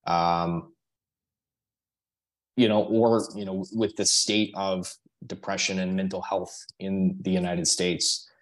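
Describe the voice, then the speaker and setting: A man speaking as a podcast guest in casual conversation, earnest and halting, with many fillers and restarts. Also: low-pitched, level tone, rough recording.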